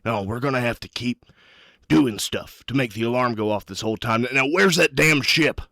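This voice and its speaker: A man voicing a gruff, urgent older male miner giving orders in a tabletop game. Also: mid-range voice, normal speed, bright, forceful tone, dry recording, clean studio sound.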